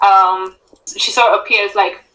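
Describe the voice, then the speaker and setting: Woman player, slow-paced, hesitant, thinking aloud. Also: medium pitch, steady tone, sharp tone, rough recording. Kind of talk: casual tabletop play.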